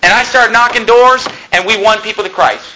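Young guy preaching hard, high bright voice, jokey then yelling. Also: a little fast, a little hiss or hum, low-quality recording. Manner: impassioned, swings between joking and shouting. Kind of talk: fiery sermon.

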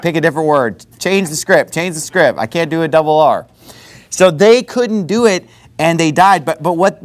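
A man preaching a sermon in a conversational way, with quick asides and self-corrections. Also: on the high side. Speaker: pastor.

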